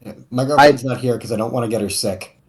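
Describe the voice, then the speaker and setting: A man's voice: medium pitch, quick pace, crowd noise. A man, a tabletop player, joking and rambling in casual chat on a video call. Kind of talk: casual chat during a game break.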